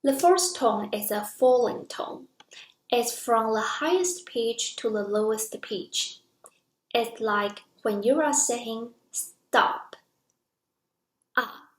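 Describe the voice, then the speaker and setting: A woman leads a beginner pronunciation lesson at an unhurried, deliberate pace. Her voice sits high and she stretches each model syllable for learners to copy. The recording has a noticeable room echo. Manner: drawn-out model pronunciations for repeating. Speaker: Mandarin teacher. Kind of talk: slow, careful language lesson. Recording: echoey room.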